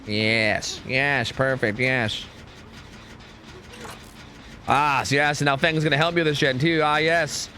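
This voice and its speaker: A man streaming a game, chatting excitedly and swearing as he talks to his teammates and viewers. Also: mid-range voice, takes it slowly, long pauses, a little hiss or hum. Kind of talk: live gameplay commentary.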